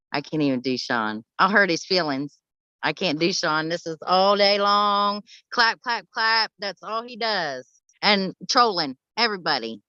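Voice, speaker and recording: A woman's voice: medium pitch, bright, forceful tone, no room sound. A woman contestant roasting other players over voice chat, teasing and trailing off mid-line. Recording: dull lo-fi voice chat.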